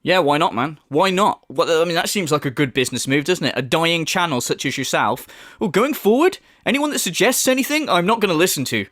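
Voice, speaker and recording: A man delivering sarcastic, profane reaction commentary in a higher-than-usual male voice. His pitch swings widely as he mocks and scoffs. The recording is dry and close. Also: animated, fairly quick, fairly bright tone, no echo. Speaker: commentary channel host.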